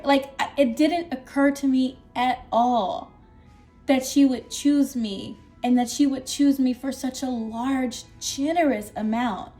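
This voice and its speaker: A young woman at her desk telling an excited storytime vlog, animated and exclamatory, breaking into laughs and squeals. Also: high-pitched, slow pace, soft background music.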